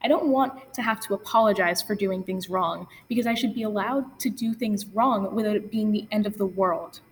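A woman's voice: medium pitch, moderate pace, long reverb tail, slight background noise. A teenage girl sharing a personal story in an earnest, confessional spoken-word talk. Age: teens. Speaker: student speaker. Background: guitar music.

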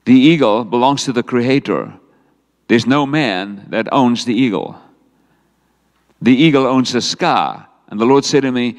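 A middle-aged man with a South African accent preaches a sermon, telling his story with lively energy and stepping into quoted lines. His voice rings through a large hall with long reverb, sitting at a middle pitch for a man. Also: measured pace. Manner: animated storytelling preacher, voicing God and himself in quotes. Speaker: pastor. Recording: echoey hall sound.

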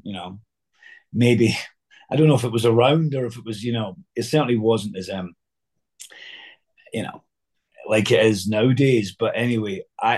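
Husky-voiced Scottish man telling stories. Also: fairly low pitch, a little mellow. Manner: rambling anecdotal teller, many fillers. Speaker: guest actor. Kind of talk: casual interview storytelling.

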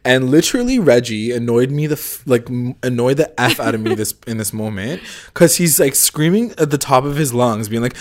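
A chatty man in a casual two-person chat recaps a TV episode. He swears freely and slips into quick acted-out lines of dialogue. His voice sits at an everyday middle pitch. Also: noisy background.

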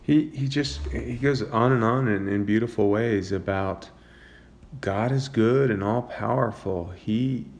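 A man with a low voice gives an informal Bible teaching. His voice has a gravelly, creaky edge. He reads scripture and then talks it through in a loose, thinking-aloud manner. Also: unhurried. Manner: reads psalm passages aloud, then comments in a relaxed, searching way with fillers. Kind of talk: informal Bible study talk.

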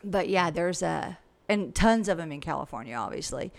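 A woman speaking in a lowish voice with a gravelly edge, chatty and frank, with plenty of asides. She sounds like a real estate coach talking shop in a relaxed interview. The sound is dry and close. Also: normal speed, no echo. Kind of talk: casual conversational interview.

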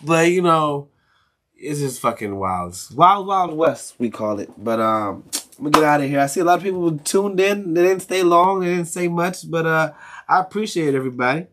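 A young man from Maryland hosts a casual solo podcast in a slightly high, expressive voice at a moderate pace, with a fairly bright tone. His rant is profane and rambling, full of restarts and frequent chuckles. There's slight background noise.

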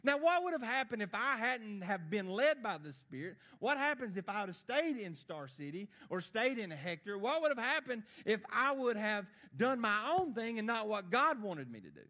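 Missionary guy in his 50s preaching, pretty high voice, earnest storyteller, goes loud then real quiet. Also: big pitch swings, normal speed, few pauses. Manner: earnest storytelling, swings between loud and hushed. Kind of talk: sermon.

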